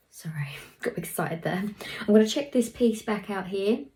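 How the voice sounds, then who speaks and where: A young woman talks through a hair tutorial in a chatty, easygoing way. She mutters asides under her breath as she works. Her voice has a gravelly, creaky texture. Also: mid-range voice, expressive, a little slow, few pauses, a little mellow. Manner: chatty, talks while working, drops into murmurs. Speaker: hairstylist vlogger.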